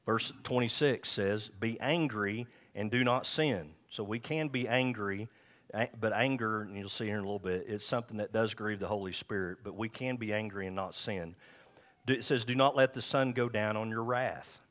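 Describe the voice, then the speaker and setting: A middle-aged pastor delivers his sermon in a frank, chatty way, poking fun at himself. His voice sits fairly low, and he slows to a careful pace whenever he reads scripture aloud. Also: fairly bright tone. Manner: conversational, candid, self-deprecating preaching. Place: church.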